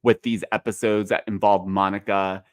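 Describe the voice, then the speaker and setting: A woman co-hosting a podcast, reacting and chatting casually with quick agreement. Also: extremely low pitch, little pitch movement, clear, resonant tone. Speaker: podcast co-host. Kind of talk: casual recap chat.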